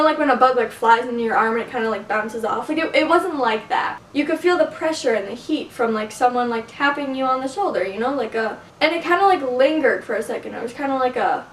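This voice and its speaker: A woman vlogging from her bedroom, telling stories in a chatty, profane way and saying "like" constantly. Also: high-pitched. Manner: chatty, profane, filler-heavy, says "like" constantly. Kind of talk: casual storytelling to camera. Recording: echoey room, mic at a distance, faint hiss.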